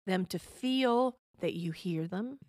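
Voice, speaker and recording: A woman's voice: medium pitch, lively intonation, slow, darkish tone, dry recording, clean studio sound. A middle-aged woman giving parenting advice as an interview guest, patient and explanatory, often checking in with the listener.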